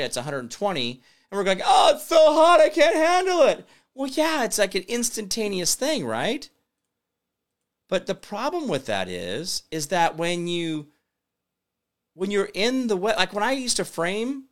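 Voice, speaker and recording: A man's voice: a little high, a bit bright. A man hosting a talk show, rambling in a folksy, preachy monologue to his viewers. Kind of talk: casual livestream monologue.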